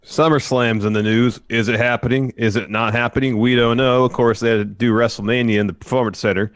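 A man co-hosting a wrestling news podcast in casual chat, often pausing with uh fillers. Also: mid-range voice, fairly even intonation, clear, resonant tone, dry recording, studio quality. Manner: hesitant, many uh fillers. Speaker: podcast co-host.

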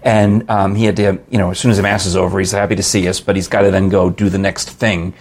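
A man's voice: low voice, little pitch movement, quick pace. A man from New York with a New York accent, chatting casually and telling rambling, playful stories. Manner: rambling storyteller, playful, laughs often. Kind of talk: casual chat.

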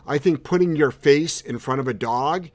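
A man's voice: fairly high pitch, moderate pace. A man hosting a casual live dog-training Q&A, talking bluntly and emphatically and repeating words for stress. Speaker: dog trainer and show host.

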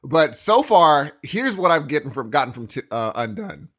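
Animated man, lively pitch. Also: breathy edge. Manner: animated, quick to jump in, restarts sentences. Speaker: podcast co-host. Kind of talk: casual chat.

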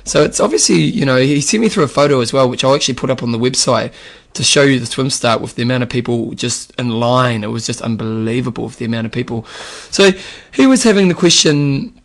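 A man co-hosting a casual podcast, relaxed and chatty with plenty of fillers as he reads out listener questions. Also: mid-range voice, fast talker, creaky, hardly any pauses.

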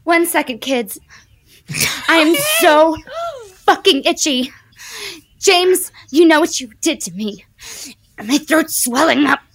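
A woman's voice: high-pitched, animated, slow pace, gravelly, long pauses, a bit bright, exaggerated voice. A woman playing an itchy, furious customer.

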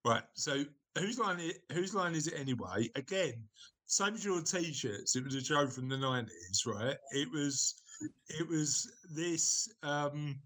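A middle-aged man hosting a podcast, chatting casually and teasing the others as he steers the game. His voice sits a little high for a man. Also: lively intonation, measured pace, a bit bright. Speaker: podcast host. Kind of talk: casual chat.

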